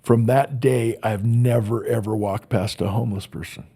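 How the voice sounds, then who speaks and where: A man's voice: medium pitch, steady tone, moderate pace, warm tone, husky. A man who is a motivational speaker, telling earnest stories as a podcast guest and often repeating words as he searches for them. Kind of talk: storytelling in a podcast interview.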